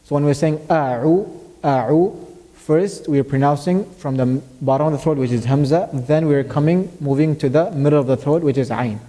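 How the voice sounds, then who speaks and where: A man's slightly high voice moves a little fast with few pauses as he teaches tajweed in a mosque classroom. He breaks things down step by step, recites short Arabic verses, and checks his student with questions, sounding warm and mellow under long hall reverb.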